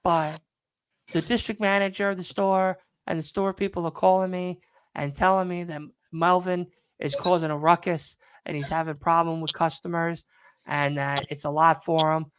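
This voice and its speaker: A man's voice: on the high side, flat delivery, normal speed, fairly bright tone, clean tone, no echo, close to an everyday voice. A man voicing his pushy male salesman, who gives orders in a long run-on list of instructions. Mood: bossy. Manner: bossy, rattling off instructions.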